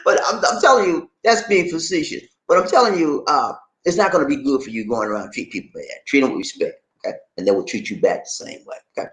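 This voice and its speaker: Animated American man telling stories. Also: mid-range voice, fast talker, breathy edge. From United States. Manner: animated storytelling, laughs often. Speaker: vlogger. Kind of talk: casual advice monologue.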